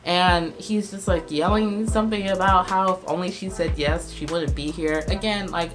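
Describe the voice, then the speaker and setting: A woman, recapping a movie on her channel in a sarcastic, animated way. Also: on the low side, normal speed, over music. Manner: sarcastic, animated, laughs at her own jokes. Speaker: video host reviewing a movie. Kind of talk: casual comedic movie recap.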